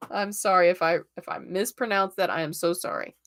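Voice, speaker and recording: A woman with a slightly low, somewhat bright voice gives tarot readings on a live stream, chatty and reassuring, checking in with listeners and laughing often between thoughts. Her intonation is lively and her pace fairly quick, with a little hiss or hum on the audio.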